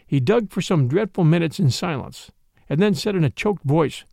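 Gravelly, expressive male storyteller. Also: a little high, moderate pace, no room sound, studio quality. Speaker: narrator. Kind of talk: audiobook reading of a classic mystery.

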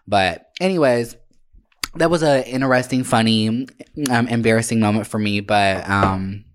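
A man's voice: on the low side, moderate pace, background noise. A man co-hosting a podcast, telling stories in a rambling, hesitant way with restarts and swearing. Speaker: podcast co-host. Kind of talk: casual storytelling chat.

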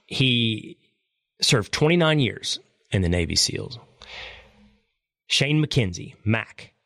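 A middle-aged man hosting a talk show, telling a story in an animated, joking way. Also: lowish voice, takes it slowly, gravelly, no echo, clean studio sound. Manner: animated, jokey storytelling with impressions. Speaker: podcast host. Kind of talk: storytelling monologue.

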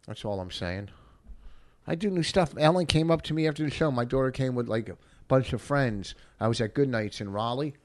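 A man's voice: medium pitch, expressive, brisk. A middle-aged man, a stand-up comic, rambling and swearing through casual podcast banter. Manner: rambling, profane, gruff banter. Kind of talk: casual chat.

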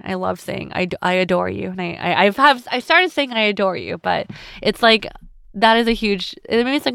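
Young woman host, candid, slightly emotional, lowish smooth voice, restarts sentences, dry close sound. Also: fairly bright tone, no room sound. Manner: candid and tender, with frequent restarts. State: a little emotional. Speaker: podcast host. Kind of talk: personal reflective podcast talk.

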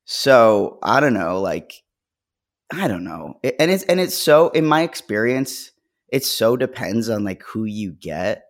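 A trans podcast co-host talking casually, hesitant and stammery with lots of fillers. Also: male voice, on the low side, very animated, measured pace. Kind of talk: casual chat and monologue.

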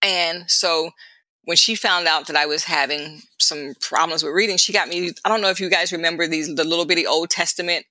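Bright, animated middle-aged woman storyteller. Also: fairly low pitch, a little fast, no room sound, low-quality recording. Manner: animated, laughing storyteller who acts out voices; casual and chatty, addresses the hosts directly. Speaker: guest. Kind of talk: personal storytelling in an interview.

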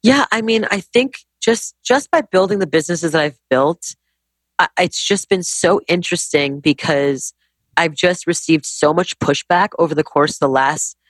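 Emphatic, fast-talking woman. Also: on the low side, no room sound. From Canada. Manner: emphatic, animated, rapid storytelling. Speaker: guest entrepreneur. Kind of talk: casual podcast interview.

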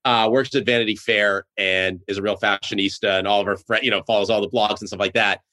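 Enthusiastic and chatty, a show co-creator from Boston peppers his interview with "like" fillers. His voice is lowish and steady, quick, pushed and bright.

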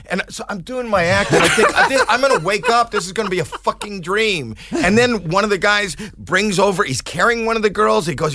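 This middle-aged man's voice sits high, and he talks fast with few pauses. A comedian guesting on a podcast, he laughs his way through an animated anecdote, slipping into put-on voices for the characters he quotes.

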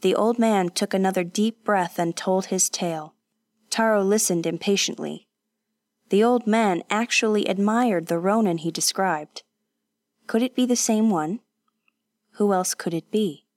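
A woman narrating a story in a steady, measured audiobook reading. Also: medium pitch, no echo, studio quality.

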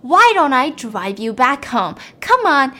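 A woman's voice: sits high, big pitch swings, slow pace, sharp tone, exaggerated voice. A woman voicing a ruthless businesswoman who coaxes with fake friendliness. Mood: fake-friendly.

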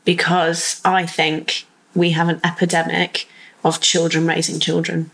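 A woman's voice: on the low side, monotone, a little slow, vocal fry, a bit bright. A woman hosting a podcast interview, engaged and affirming, chiming in often. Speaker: podcast host.

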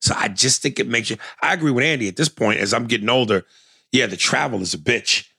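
A man's voice: medium pitch, fast, gravelly, sharp tone, husky, dry recording, clean studio sound. A man co-hosting a casual comedy podcast, reading listener letters aloud in a loose, profane way.

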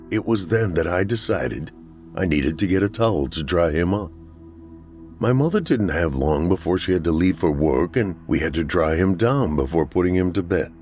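In a somber, measured delivery, a man with a very low voice narrates a horror story in the first person, his pitch ranging widely throughout. Faint, soft music sits beneath this scripted horror narration.

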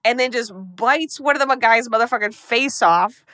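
A woman podcast host races through a film recap, swearing freely. Her voice is fairly high and very bright. It is recorded close and dry, with no room sound. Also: no room sound. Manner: rapid, profane, breathless storytelling.

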